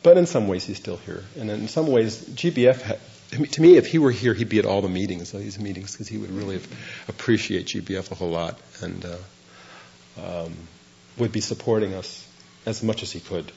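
A man's voice: lowish voice, a little fast, gravelly, mellow. Older man telling a rambling story, lo-fi. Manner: rambling, self-deprecating, laughs through funny parts. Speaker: Zen monk giving a dharma talk. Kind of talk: storytelling talk. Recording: dull lo-fi recording.

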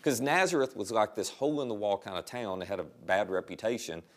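A man's voice: lowish voice, a little fast. A male pastor preaching a sermon in a conversational, storytelling way.

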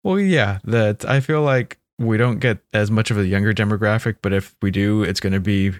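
A young man co-hosting a casual movie podcast, chatty and quick with jokes and asides. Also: on the low side, no room sound. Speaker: podcast host.

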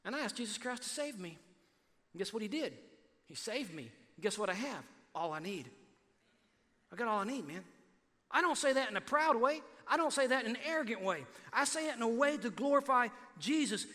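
A man from Texas preaching a sermon to a church, animated and repetitive, swinging between loud emphasis and quiet asides. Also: sits high, fairly quick. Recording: reverberant hall.

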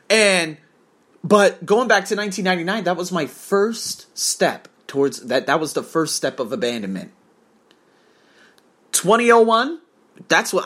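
A man's voice: a little high, fairly bright tone, slightly rough. A man telling a blunt, profane personal story in a confessional monologue.

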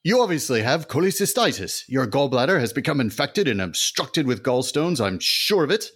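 A man's voice: mid-range voice, big pitch swings, normal speed, a bit bright, slightly rough, pitched above the performer's own voice. A man voicing an earnest, exasperated 1880s surgeon son, formal and pleading. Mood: pompous.

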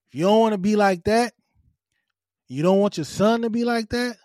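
A man's voice: high-pitched, moderate pace, a little mellow, dry recording, studio quality. Blunt, preachy man hosting a podcast. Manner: blunt and preachy, with swearing and emphatic repetition. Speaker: podcast host. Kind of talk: casual advice monologue.

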